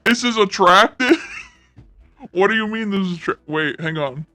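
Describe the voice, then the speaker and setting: A woman's voice: medium pitch, lively intonation, moderate pace, sharp tone, pitched below the performer's own voice. A woman talking through a voice changer on stream, testing its presets, giggling and teasing. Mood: amused.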